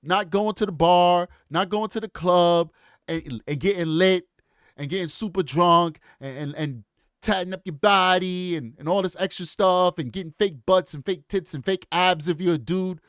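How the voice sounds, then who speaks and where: A man in his forties talks through a true crime case in a casual, lecturing way, circling back to repeat his points. His voice sits a little high for a man, and the sound is close and dry with almost no room. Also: moderate pace, fairly bright tone, clear, resonant tone, no room sound. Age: 40s. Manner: earnest, lecturing, repeats himself. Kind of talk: casual commentary.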